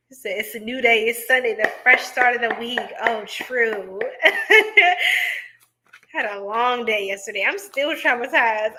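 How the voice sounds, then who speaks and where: A woman's voice: on the high side, moderate pace, pushed and bright. A young woman, hosting a tarot reading livestream and chatting casually with viewers, laughing often and making playful puns. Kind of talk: casual live-stream chat reading viewer comments.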